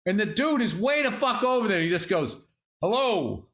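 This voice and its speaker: A middle-aged man chats on a comedy podcast, his voice pitched high and ringing bright. He tells stories with animated energy and a steady stream of swearing. He sounds close to a studio podcast mic. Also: a little fast. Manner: animated storytelling, heavy swearing. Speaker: podcast co-host. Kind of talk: casual comedy podcast chat.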